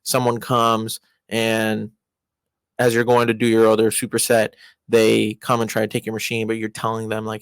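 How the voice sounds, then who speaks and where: A man's voice: lowish voice, monotone, moderate pace, smooth, no room sound. Casual man talking, dry close sound. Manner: rambling, frequent restarts and fillers. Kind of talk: casual advice monologue.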